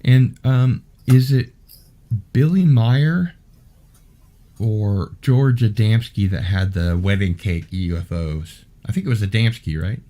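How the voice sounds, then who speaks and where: Male podcast host, fairly low and warm, steady reader with dry asides. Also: takes it slowly. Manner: dry, wry asides between steady reading. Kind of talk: podcast interview, reading case reports aloud.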